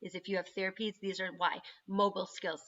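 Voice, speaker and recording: A woman, the parent of an autistic son, chatting casually on a video call and telling stories in an animated way. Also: medium pitch, fast, highs cut off, a little hiss or hum. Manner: chatty, animated storytelling with frequent laughs. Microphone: computer microphone on a video call.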